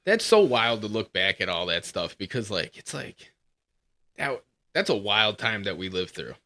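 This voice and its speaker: A man hosting a casual, profane chat, telling animated stories and acting out the people in them. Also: on the low side, moderate pace. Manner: profane, animated storytelling with laughs; acts out quoted people in shifting voices. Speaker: podcast host. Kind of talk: casual bar-room chat.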